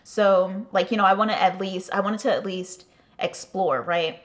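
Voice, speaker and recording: A woman's voice: mid-range voice, fairly even intonation, moderate pace. A young adult woman telling a casual storytime for her vlog, chatty and profane, with lots of "like". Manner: profane, chatty, heavy use of "like". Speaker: vlogger.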